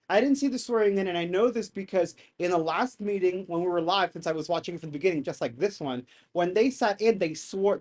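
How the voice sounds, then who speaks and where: A live streamer in casual commentary, animated and exasperated, rambling with slang and frequent swearing. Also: medium pitch. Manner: rambling, restarts sentences. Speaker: streamer reacting to a hearing.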